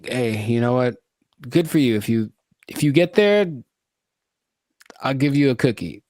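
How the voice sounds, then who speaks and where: A man's voice: mid-range voice, expressive, measured pace, darkish tone, no room sound. A man co-hosting a casual podcast, talking in a laid-back, rambling, wry way. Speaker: podcast co-host. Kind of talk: casual banter.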